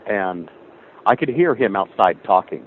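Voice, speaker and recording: A man calling in to a radio show who rambles through his story in an animated way. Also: lowish voice, a little slow. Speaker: caller. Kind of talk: call-in storytelling. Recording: phone line with faint hiss.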